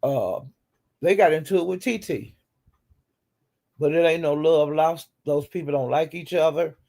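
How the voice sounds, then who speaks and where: A man with a gravelly, creaky edge in his voice, pitched somewhat high for a man. He talks in a loose, chatty way, bluntly retelling who said what to whom as a casual host. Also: a little slow, warm tone. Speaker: host recapping livestream drama. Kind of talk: casual gossip chat.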